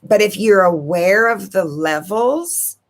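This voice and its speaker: A woman hosting her own channel, giving an unhurried spiritual talk to viewers and often asking rhetorical questions. She is sniffling a little. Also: mid-range voice, lively intonation. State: sniffling from allergy medicine. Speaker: channel host.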